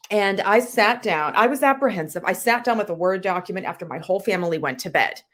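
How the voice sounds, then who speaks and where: An animated woman guest on a podcast, talking through her own story. Her voice sits at a middle pitch and leaps up suddenly for emphasis, then drops low and soft. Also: fast talker. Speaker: guest, health coach and author.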